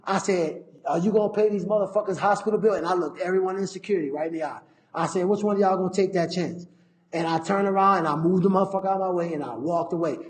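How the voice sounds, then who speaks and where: Raised-pitch man telling a story in an echoey room. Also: slight background noise. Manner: profane, animated, acts out his own past lines. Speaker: interview guest, fighter. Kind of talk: casual storytelling.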